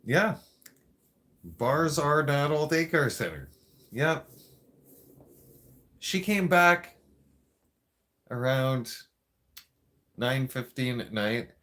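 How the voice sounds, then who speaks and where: A man's voice: mid-range voice, expressive, extremely slow, long pauses, a bit bright. A man telling a profane, rambling story in a casual rant. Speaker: vlogger.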